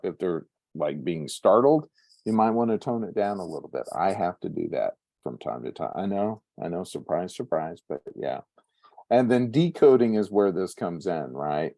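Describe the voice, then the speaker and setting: Male instructor, low and warm, dry close sound, chatty lecture style. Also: dry recording. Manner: conversational, frequent "right?" tag questions. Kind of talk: class lecture on communication.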